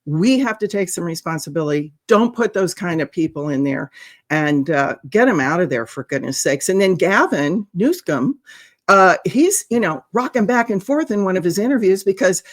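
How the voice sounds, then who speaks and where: Female guest, animated and outraged, stumbling through restarts. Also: lowish voice, moderate pace. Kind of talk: casual political chat.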